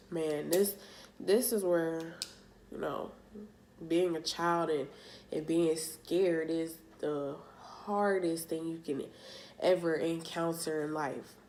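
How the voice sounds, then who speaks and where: Young woman vlogger, slow and low, retelling a scary memory in casual slang. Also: fairly even intonation, a little mellow, slight background noise. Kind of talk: storytime vlog.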